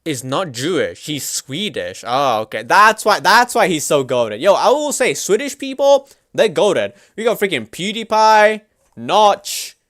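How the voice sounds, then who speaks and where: A man streaming live at his computer, chatting casually in an excitable, slangy, swear-heavy way. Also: high voice, unhurried, no room sound, clean studio sound.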